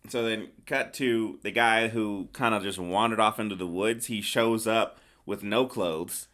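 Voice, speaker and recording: A man's voice: lowish voice, unhurried, a bit bright. A middle-aged man hosting a casual podcast, recapping a film in a rambling, hesitant way with lots of restarts. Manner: rambling, hesitant, acts out characters' lines. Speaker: podcast host. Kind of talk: casual movie review chat.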